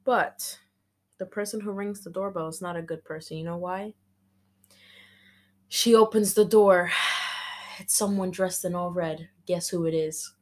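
A woman's voice: on the low side, a little slow, darkish tone. A young woman chatting casually and animatedly, swearing freely while building a silly story with a friend.

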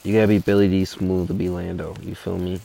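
A man's voice: low-pitched, little pitch movement, fast talker, vocal fry, mellow. A young man telling a hiking story in a laid-back, rambling, profane way. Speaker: hiker. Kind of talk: casual storytelling.

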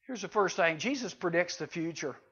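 High-voiced man preaching to young teens. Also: expressive, brisk, breathy edge. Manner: conversational, swings between loud and hushed. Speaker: youth preacher. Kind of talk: sermon to junior high students. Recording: dull lo-fi recording.

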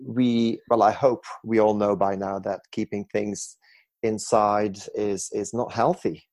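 A male interviewer with a somewhat low voice who affirms his guest and sums up his points with reflective comments. He speaks in an easy, conversational way. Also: fairly even intonation, slow, darkish tone. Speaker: interviewer host.

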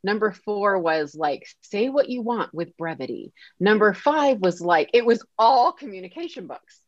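A woman who is a guest on a podcast, telling a story in a lively way and acting out the lines people said to her. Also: medium pitch, moderate pace, no room sound. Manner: animated, acts out quoted dialogue. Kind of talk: casual storytelling interview. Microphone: podcast mic. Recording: dull lo-fi sound.

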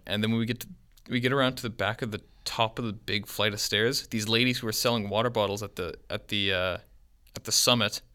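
Young man, casual storyteller, bright and forceful tone, lower-pitched. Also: clear, resonant tone. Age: 20s. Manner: rambling, animated storyteller with quoted voices.

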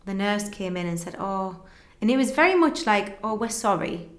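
A young woman, a guest in an interview, earnestly tells a personal story and acts out conversations in quick back-and-forth. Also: medium pitch, lively intonation. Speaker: guest telling her story. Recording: roomy echo.

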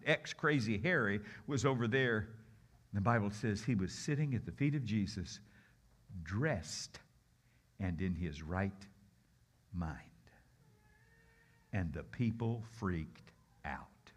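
Animated, bright-voiced male preacher. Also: medium pitch, normal speed. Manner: animated storytelling, acts out voices, jumps between loud and hushed. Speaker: guest preacher. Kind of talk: sermon.

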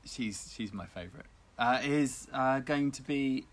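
A man's voice: medium pitch, unhurried. A man co-hosting a casual community radio chat, reading out listener comments with lots of restarts. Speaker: co-host.

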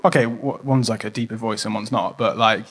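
A man's voice: on the low side, steady tone, fairly quick, a bit bright. A British man in his twenties with a mixed northern English and Cardiff accent, a podcast guest chatting casually with jokes. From England and Wales. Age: 20s. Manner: rambling, jokey and self-deprecating.

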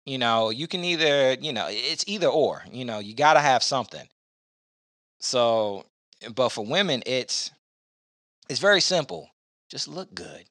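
A man's voice: medium pitch, sing-song, a little slow, pauses often, pushed and bright, no echo, clean studio sound. A man hosting a casual podcast, giving blunt opinions in a rambling way with lots of fillers. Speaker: podcast host.

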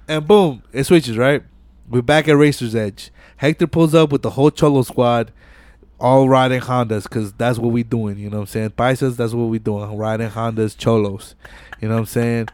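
The podcast host speaks at normal speed in a clear, resonant, medium-pitched voice, with no room sound. He casually recaps a movie scene by scene, full of profanity, acting out what the characters say in an animated way.

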